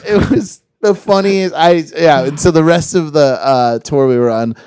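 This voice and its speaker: A man's voice: on the high side, moderate pace, darkish tone, clear, resonant tone, dry recording. A man, telling stories in casual chat and swearing freely. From Georgia, USA. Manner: laid-back storyteller, swears freely.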